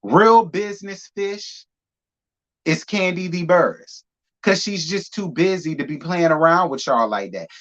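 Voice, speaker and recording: A man's voice: sits high, lively intonation, measured pace, a bit bright. A man hosting a live reality TV review, talking in a sassy, emphatic way and repeating lines for effect. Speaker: reality TV recap host. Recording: muffled lo-fi audio.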